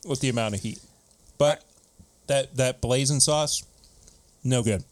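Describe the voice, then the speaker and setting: A man co-hosting a casual podcast chat, animated and laughing often, at times talking with food in his mouth. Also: medium pitch, unhurried. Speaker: podcast co-host.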